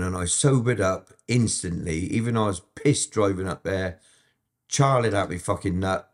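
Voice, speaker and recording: Deep-voiced blunt man. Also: moderate pace. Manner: blunt, heavy swearing, frequent restarts. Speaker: interview guest. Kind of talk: candid storytelling interview.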